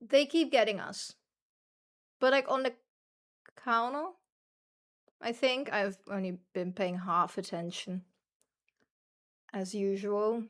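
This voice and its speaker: A woman's voice: medium pitch, fairly even intonation, slow pace, long pauses, a bit bright. A young woman from the Netherlands, chatting and swearing casually to viewers while commentating her gameplay. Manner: chatty, swears freely, self-deprecating, rambles to viewers. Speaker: streamer.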